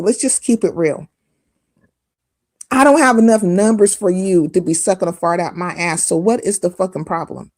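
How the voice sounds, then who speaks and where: A woman on a live stream tears into her critics in a heated rant, cursing freely and mocking them. Her voice sits a little high. The sound is close and dry, with no room around it. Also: a little mellow, dry recording. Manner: confrontational, profane, mocking.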